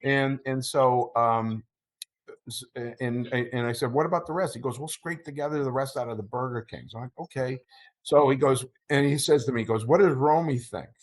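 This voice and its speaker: A middle-aged man telling a personal story as an interview guest, halting and repeating words, his voice choking up with emotion. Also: mid-range voice.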